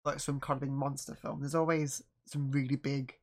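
A man's voice: mid-range voice, level tone, moderate pace, darkish tone. A man co-hosting a podcast, mostly answering with short agreement in casual chat. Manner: brief agreeing replies. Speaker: podcast co-host.

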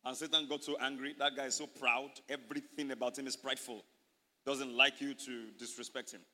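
A man's voice: mid-range voice, level tone, fairly quick, pushed and bright. A male pastor preaching a sermon, emphatic and repetitive, calling out to the congregation for responses. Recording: reverberant hall.

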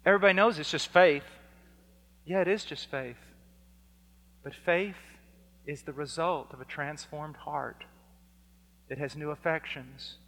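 A man's voice: on the high side, a little slow, long pauses. Fiery preacher man in a reverberant hall. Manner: swings from hushed to shouting, acts out dialogues. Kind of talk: fiery sermon.

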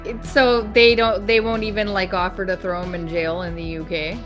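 A woman's voice: mid-range voice, flat delivery, normal speed, over music. A woman co-hosting a podcast, casually asking curious, amused questions. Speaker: podcast co-host. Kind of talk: casual chat.

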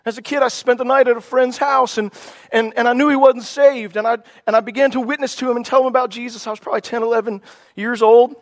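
A male pastor preaching a sermon with growing passion, often repeating and restarting his phrases. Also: very high voice. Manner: impassioned preaching with rising emphasis.

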